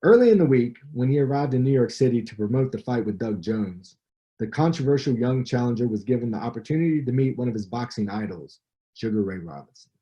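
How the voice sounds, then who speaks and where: A man's voice: mid-range voice, expressive, fast, warm tone, muffled recording. A man, the author, reading from his book and adding commentary in a conversational storytelling way.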